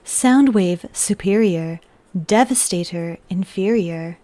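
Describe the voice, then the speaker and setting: A woman doing a slow stiff robot voice. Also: mid-range voice, warm tone, no echo, voice pushed down, close to an everyday voice. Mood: robotic. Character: stiff female robot speaking in commands. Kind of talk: livestream voice game.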